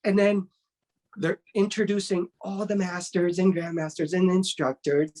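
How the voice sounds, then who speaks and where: Speaking at normal speed in a high-pitched voice, a middle-aged martial arts instructor shares a story in a casual interview. He acts out the other people's voices with energy and keeps asking "right?"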